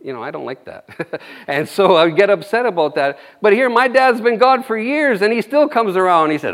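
A man's voice: high voice, very animated, normal speed. A man preaching an informal sermon, rambling and folksy, with frequent amens and chuckles.

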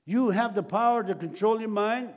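A man's voice: high voice, moderate pace, dull audio. A man preaching a sermon, retelling scripture stories and acting out the quotes, with frequent restarts. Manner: storytelling, acts out quotes, rambling restarts.

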